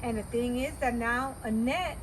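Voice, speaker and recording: High-voiced woman chatting outdoors. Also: moderate pace, noisy background. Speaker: co-reviewer. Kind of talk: casual book chat.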